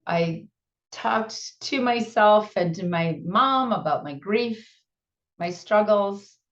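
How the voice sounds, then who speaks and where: A woman's voice: medium pitch, expressive, slow, dull audio. A middle-aged woman hosting a show, sharing personal stories in a candid, reflective way and laughing at herself. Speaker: show host and speaker.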